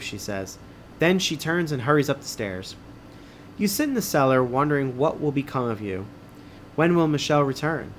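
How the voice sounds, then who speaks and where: A man's voice: medium pitch, animated, normal speed, slight background noise. A middle-aged man streaming as he reads an adventure book aloud, with wisecracking, self-mocking asides. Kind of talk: casual read-aloud with joking asides.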